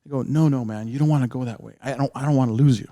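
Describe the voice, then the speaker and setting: A man's voice: mid-range voice, very fast. A man telling a long story in casual podcast chat, acting out the voices of the people in it. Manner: animated, acts out other people's lines in the story. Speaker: podcast guest, radio veteran.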